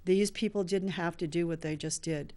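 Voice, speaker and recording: An older woman in recovery, hosting a show, tells a personal story in a lowish, dark voice at a moderate pace. She delivers it earnestly and acts out others' dialogue in quotes.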